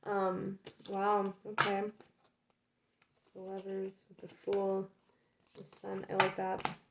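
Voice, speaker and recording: A woman's voice: medium pitch, completely flat delivery, slow pace, gravelly, very noisy. A young woman casually talking through a tarot reading, chatty, with many "like"s and "right?"s. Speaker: tarot reader.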